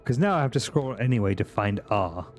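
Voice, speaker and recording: Lively, profane man streaming a game. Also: medium pitch, brisk, soft background music. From Britain. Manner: animated, profane and jokey, talking to chat. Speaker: streamer playing a video game. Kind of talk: casual gaming commentary.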